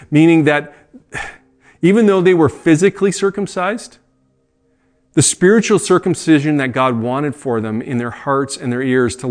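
A middle-aged man preaching a sermon as a pastor, earnest and conversational, with asides and self-corrections. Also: medium pitch.

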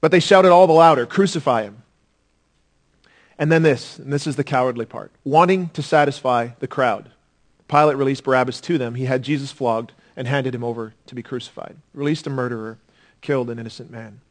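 A male pastor delivering a sermon in a church sanctuary. His talk is earnest, with an ordinary mid-range pitch, rising into forceful emphasis and then dropping to quiet intensity. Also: fairly quick.

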